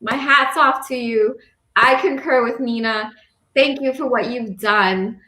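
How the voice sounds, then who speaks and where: A woman's voice: fairly high pitch, measured pace, pushed and bright, reverberant. A woman on a video call, speaking in a rambling, heartfelt way with many fillers. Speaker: campaign supporter. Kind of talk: casual video call chat.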